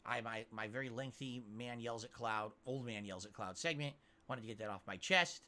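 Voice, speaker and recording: Reading out viewer tips on a livestream from his home office, a man speaks at a moderate pace in a medium-pitched voice. His desk mic catches the lively, exasperated rants he keeps going off on.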